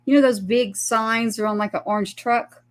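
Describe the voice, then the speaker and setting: A woman's voice: a little high, normal speed. A woman, a guest on a talk show, telling a personal story in casual chat and acting out the voices of the people in it. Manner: animated, acts out quoted dialogue.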